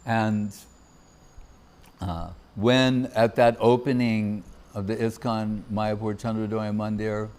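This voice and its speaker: A man's voice: on the low side, flat delivery, slow. A man giving a devotional festival talk, telling anecdotes and acting out the voices of the people he quotes. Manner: anecdotal, warm laughter, acts out quoted voices. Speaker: Gaudiya Vaishnava speaker. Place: temple festival gathering.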